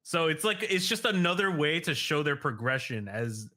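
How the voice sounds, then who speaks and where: Bright-voiced man arguing a point. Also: on the high side, sing-song, normal speed. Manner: argues a point, playing devil's advocate. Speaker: podcast co-host. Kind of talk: casual chat.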